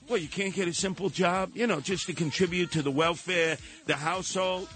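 This man hosts a call-in talk radio show, delivering a monologue in a high voice that runs a little fast with hardly any pauses. His tone is sharp, and faint music plays behind him as he rants with sarcastic rhetorical questions and acts out the people he mocks.

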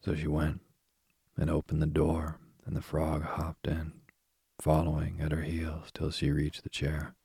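A man narrating a bedtime story softly and soothingly, close to the mic. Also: rumbling low, completely flat delivery, vocal fry, husky, dry recording. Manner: slow, soft-spoken, soothing.

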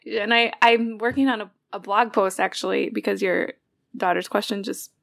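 A woman's voice: medium pitch, steady tone, moderate pace, creaky, a bit bright. A woman guest in a casual conversation about faith, explaining her ideas thoughtfully and at length.

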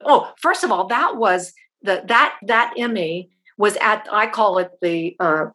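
A middle-aged actress chatting as an interview guest, telling stories in a halting way with many restarts. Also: female voice, mid-range voice, expressive, bright, forceful tone. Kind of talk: casual interview chat.

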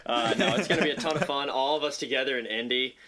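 A man co-hosting a casual tennis podcast, excitable and quick to laugh. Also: medium pitch, over a noisy crowd. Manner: excitable, laughs often, lots of fillers. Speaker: podcast co-host. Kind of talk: casual sports podcast chat.

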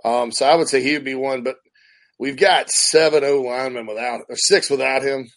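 A man's voice: mid-range voice, fairly even intonation, fairly quick, rough recording. A man co-hosting a sports talk show, joking and slipping into mock-solemn chants. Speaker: radio show co-host.

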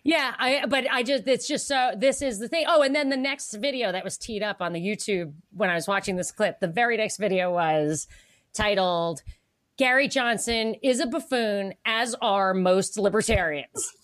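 A woman co-hosting a podcast in casual political chat, animated, laughing often and acting out the people she quotes. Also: medium pitch, moderate pace. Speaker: podcast co-host.

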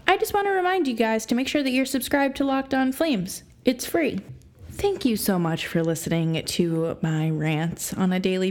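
Exasperated young woman podcast host. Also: mid-range voice. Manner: exasperated, animated, laughs between points. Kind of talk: opinionated sports podcast rant.

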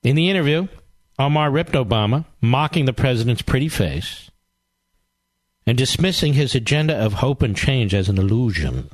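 A man's voice: medium pitch, expressive, moderate pace, no room sound. A man hosting a political talk show, delivering a combative, sarcastic monologue full of rhetorical questions and repetition.

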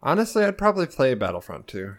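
A man's voice: mid-range voice, huge pitch swings, fast. A man co-hosting a podcast, chatting about games and teasing with laughs. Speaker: podcast co-host. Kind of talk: casual chat.

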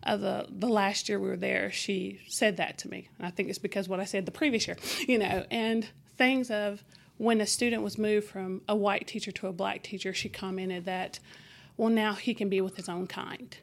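A woman teacher as an interview guest, telling stories in a lively conversational way and acting out the exchanges she describes. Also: medium pitch, moderate pace, creaky. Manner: animated, acts out quoted exchanges. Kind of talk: conversational storytelling.

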